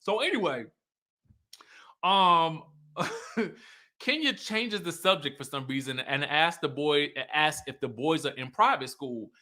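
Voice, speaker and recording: A man hosting a livestream recap of a reality show, sassy and animated, laughing often and talking straight to his viewers. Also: a little high, slow, pauses often. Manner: talks straight to viewers, reads their comments aloud.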